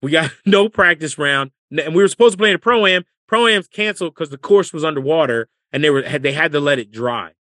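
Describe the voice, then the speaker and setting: A man and former caddie and comedian, telling lively stories as a podcast guest and laughing as he goes. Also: fairly high pitch, fairly quick, hardly any pauses, no echo, studio quality. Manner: lively storyteller, laughs through his anecdotes. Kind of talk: casual storytelling interview.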